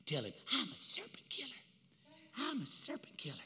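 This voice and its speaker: A man voicing Eve as a doting mother who croons softly and half-whispers, heard with long hall reverb. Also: extremely high pitch, wildly swooping pitch, moderate pace, exaggerated voice.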